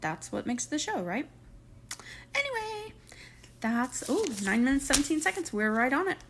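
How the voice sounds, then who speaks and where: Gravelly-voiced woman recapping reality TV. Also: high-pitched, sing-song, normal speed, fairly bright tone, slight background noise. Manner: chatty, sarcastic, acts out quotes. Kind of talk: casual recap monologue.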